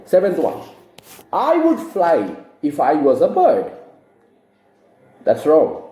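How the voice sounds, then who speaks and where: An English teacher gives a grammar lesson to camera, slowly and patiently working through each example and posing rhetorical questions to his viewers. His fairly high, mellow voice rises and falls in a lively way, and the room adds a noticeable echo.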